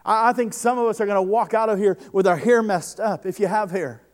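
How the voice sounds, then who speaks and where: At a church service, a man preaches impassioned sermons to the congregation, often doubling the first word of a sentence as he builds momentum. His voice is high and a little fast.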